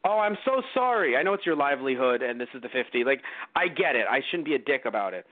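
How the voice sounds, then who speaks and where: A man's voice: medium pitch, sing-song, fast talker, dry recording. A man hosting a casual movie review podcast, rambling with many fillers and restarts. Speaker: podcast host. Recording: dry, phone-like lo-fi audio.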